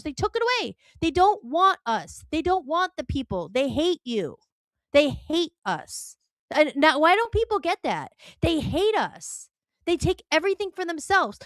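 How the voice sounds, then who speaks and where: A woman's voice: very high-pitched, no echo. A woman on a talk stream, ranting heatedly and firing off rhetorical questions. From United States.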